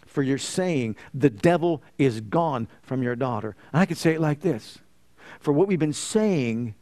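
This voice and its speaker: A man preaching a sermon, swinging from soft, hushed retellings to fervent, emphatic declarations. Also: fairly high pitch.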